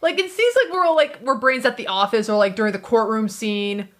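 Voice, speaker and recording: A woman co-hosting a casual chat, lively and full of fillers, acting out quoted lines now and then. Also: on the high side, brisk. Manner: animated, many fillers, acts out quoted lines. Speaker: podcast co-host.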